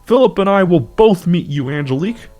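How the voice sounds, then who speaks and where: A man's voice: sits high, expressive, a little fast, darkish tone, soft background music. A man doing an auto-tuned nasal frog-voiced young hero. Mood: earnest. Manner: rhyming sing-song delivery. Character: brave young man seeking his friend. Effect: auto-tune.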